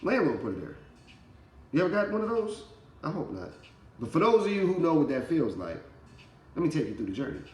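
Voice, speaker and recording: A man's voice: fairly high pitch, sing-song, brisk, pauses often, a little mellow, reverberant. A man giving a casual motivational talk, telling his story with slang and swearing. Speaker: motivational speaker.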